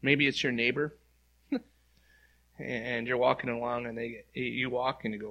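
A man preaching a sermon as a pastor, animated and playful, with many rhetorical questions. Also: mid-range voice, measured pace, pauses often.

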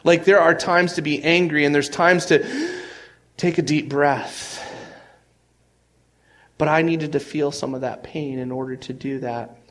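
A male pastor giving a conversational sermon, telling stories earnestly with frequent restarts and swings in loudness. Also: on the high side, steady tone, unhurried.

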